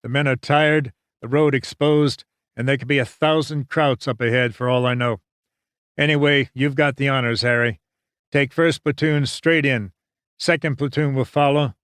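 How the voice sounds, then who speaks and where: A man's voice: mid-range voice, dry recording, studio quality, natural voice. Man doing a commanding army lieutenant. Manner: orders crisply, yells in battle.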